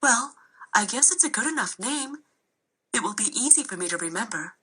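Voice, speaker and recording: A woman's voice: on the high side, animated, moderate pace, a little hiss or hum. Woman as Min Li, a kind cheerful girl. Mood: reassuring. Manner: warm, reassuring.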